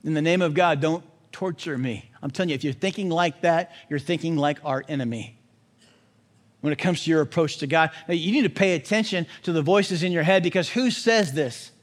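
Male preacher, high voice, lively and punny delivery, for a sermon read. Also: a little fast. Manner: animated, joking with puns. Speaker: pastor.

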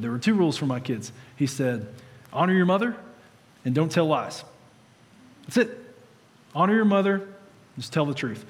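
Pastor, male, 30s, conversational sermon with humor, slightly high voice, echoing hall.

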